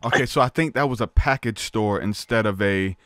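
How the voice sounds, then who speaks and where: A man hosting a podcast, making prank calls in a relaxed, casual drawl. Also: on the low side, a little fast, clean tone, no echo, studio quality. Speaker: podcast host. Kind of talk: prank phone call.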